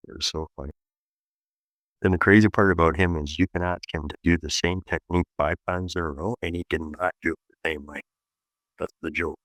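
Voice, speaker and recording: A middle-aged man, a martial arts instructor, guesting on a podcast and telling animated, blunt, joking stories in casual chat. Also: deep voice, no room sound.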